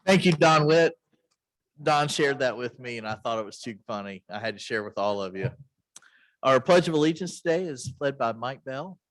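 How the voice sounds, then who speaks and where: A man's voice: mid-range voice, animated, normal speed, no room sound. Brief: club meeting emcee, man, plain and dry.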